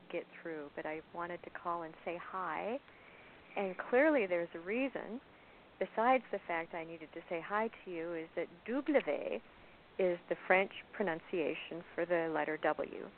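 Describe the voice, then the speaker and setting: A woman calling in to a poetry radio show, speaking softly, slowly and deliberately. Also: on the low side. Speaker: caller and poet. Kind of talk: phone-in conversation. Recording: tinny phone line with faint hiss.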